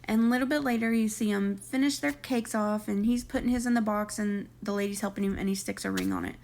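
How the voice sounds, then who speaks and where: A woman's voice: on the high side, fast talker, a little mellow, slight background noise. A young woman casually recapping a reality show episode, chatty and opinionated with gossipy asides.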